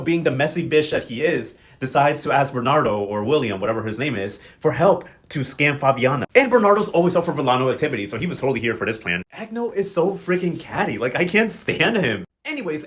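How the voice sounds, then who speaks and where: A young man giving a casual, gossipy recap of a soap opera, full of sassy slang and quick asides. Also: mid-range voice, fairly bright tone. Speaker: recap vlogger.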